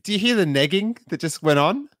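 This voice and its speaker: A man hosting a podcast, reacting to TV footage with jokes and animated exclamations. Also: high voice, fairly quick, dry recording, studio quality. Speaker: podcast host. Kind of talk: casual chat.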